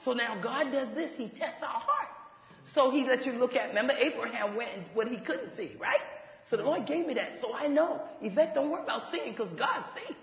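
A woman in ministry telling a faith testimony, animated and laughing as she goes, acting out what others said. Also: high-pitched, a little fast. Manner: animated, laughs while talking, acts out quoted voices. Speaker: ministry leader. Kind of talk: testimony storytelling. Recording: echoey hall, dull lo-fi sound.

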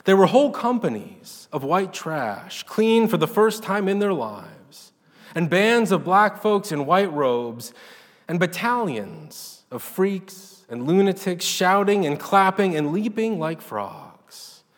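A man narrating a literary short story in an expressive, dramatic reading style. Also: high voice, slow. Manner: dramatic, animated delivery. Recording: long reverb.

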